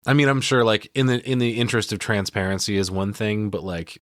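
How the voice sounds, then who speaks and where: A man co-hosting a podcast, retelling a film's scenes in a profane, animated way and acting out the dialogue. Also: fairly low pitch, a little fast, no echo, studio quality. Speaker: podcast co-host. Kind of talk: casual movie recap chat.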